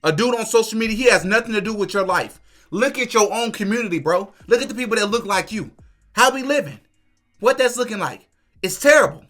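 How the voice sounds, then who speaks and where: A man's voice: high voice, lively intonation, a little fast, a bit bright. A man hosting a commentary channel, reacting to clips with indignant rhetorical questions.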